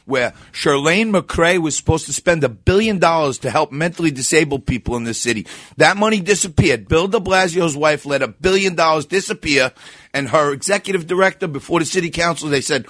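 A man's voice: a little high, expressive, brisk, fairly bright tone, no echo, studio quality. Blunt, punchy New man. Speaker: political candidate guest. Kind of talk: radio interview, campaign pitch.

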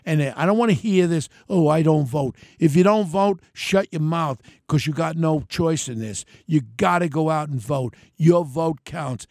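An older man, a podcast host giving a blunt, heated solo rant in a gravelly voice. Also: fairly high pitch, normal speed, few pauses, a little mellow, dry recording, studio quality.

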